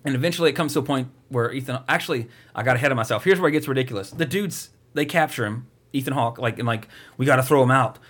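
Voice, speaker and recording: Man, middle-pitched, loose and profane; rambles and mocks while retelling a film plot. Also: fast, a bit bright. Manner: rambling, profane, mocking storyteller. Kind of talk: casual movie recap chat.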